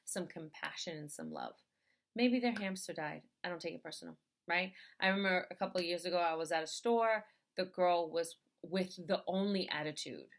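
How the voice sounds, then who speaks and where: A woman coaching on mindset in a casual talk, telling stories and acting out quoted lines with lively expression. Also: fairly low pitch. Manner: animated storytelling, acts out quoted voices.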